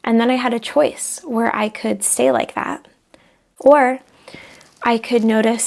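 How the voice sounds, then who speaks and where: A woman's voice: on the high side, fairly even intonation, a little slow, gravelly, long pauses, a little mellow. A young woman talking casually to camera, reflective, acting out small example voices as she explains. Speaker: vlogger sharing personal growth advice.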